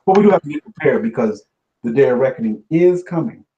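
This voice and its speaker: A man's voice: mid-range voice, animated, quick pace, echoey room, narrow, tinny audio. A man speaking as a guest in casual chat, emphatic and preachy.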